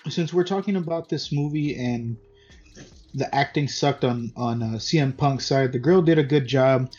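A man's voice: mid-range voice, normal speed, darkish tone. A man in casual chat, easygoing and agreeable. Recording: dull lo-fi with faint music.

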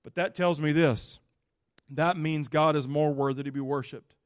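A male pastor preaching a sermon in a folksy, casual, animated way. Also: fairly high pitch, moderate pace, no room sound, studio quality.

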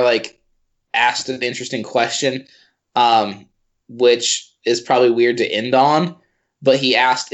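A man at an ordinary middle pitch co-hosts a casual podcast. He talks in an easygoing, wry way and often pauses on fillers. He sounds like a teacher chatting with friends. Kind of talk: casual chat.

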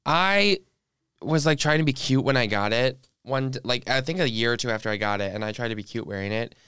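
A man's voice: mid-range voice, brisk, bright, forceful tone, clean tone, no echo, clean studio sound. A young man co-hosting a podcast, telling rambling, self-mocking stories in a casual chat. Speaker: podcast co-host.

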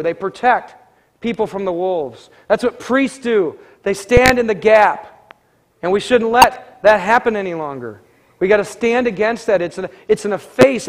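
Man, pastor, sermon storytelling, high voice, animated, conversational. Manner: conversational, animated, acts out quoted dialogue.

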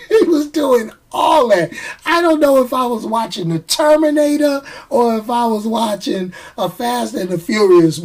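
A man giving a casual, jokey movie review. He acts out the fight scenes with his own sound effects. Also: sits high.

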